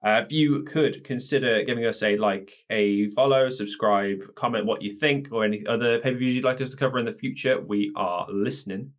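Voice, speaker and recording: Guy co-hosting a podcast, easygoing chat, mid pitch, kinda muffled lo-fi audio. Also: brisk, few pauses. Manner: leads the talk and walks his co-host through the event. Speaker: podcast co-host. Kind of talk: casual chat.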